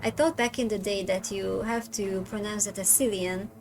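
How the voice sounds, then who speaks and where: A woman's voice: mid-range voice, steady tone, normal speed, vocal fry, darkish tone, a little hiss or hum, poor audio. Woman chatting over a story game. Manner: chatty, musing aside. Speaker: game streamer. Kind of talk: casual let's-play commentary.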